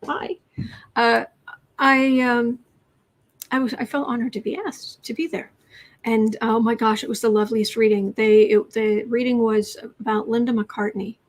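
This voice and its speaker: A woman's voice: fairly high pitch, little pitch movement, moderate pace. A woman tarot reader chatting on a live stream, reading viewer questions aloud and cooing to her cat between them.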